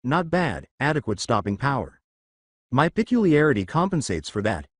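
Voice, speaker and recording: A man's voice: medium pitch, sing-song, moderate pace, dry recording, studio quality. A man voicing a folksy cowboy gunslinger teacher who speaks in a challenging, playful way.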